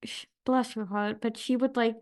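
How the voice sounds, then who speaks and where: An American woman hosting a podcast interview, telling stories in an animated way, laughing often and filling her talk with "like". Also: on the high side, moderate pace. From United States. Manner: animated storyteller, laughs often, many "like" fillers. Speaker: podcast host. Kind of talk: casual interview chat.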